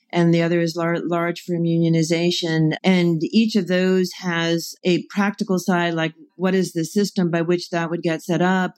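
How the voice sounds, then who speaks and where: A woman's voice: fairly low pitch, darkish tone. Woman explaining thoughtfully on a podcast. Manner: thoughtful, explanatory, laughs often. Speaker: guest, advocacy group organizer. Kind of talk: conversational podcast interview.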